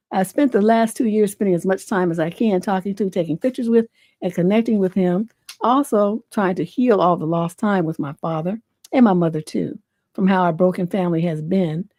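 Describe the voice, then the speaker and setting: A woman's voice: mid-range voice, warm tone, no room sound, clean studio sound. A middle-aged woman hosting a livestream advice show, reading a viewer's letter and then giving frank, folksy advice. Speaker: relationship advice host.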